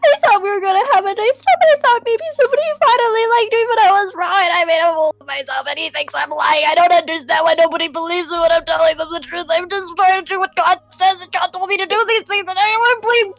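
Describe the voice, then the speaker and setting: A woman voicing an overwrought young woman in a tabletop game, sobbing and blurting out rapid, high outbursts. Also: low-quality recording. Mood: wailing.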